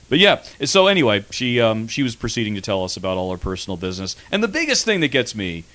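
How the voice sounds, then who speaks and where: A man's voice: on the low side, big pitch swings, quick pace, a bit bright. A man hosting a radio comedy show, chatting in a crude, mocking, rambling way with lots of restarts. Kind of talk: casual comedic chat. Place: radio studio.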